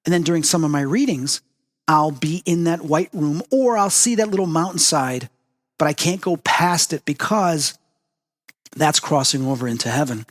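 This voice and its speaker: A man's voice: on the high side, moderate pace. Earnest man telling a story, reverberant. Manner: earnest, animated storyteller acting out dialogue. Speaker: host. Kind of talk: personal storytelling monologue.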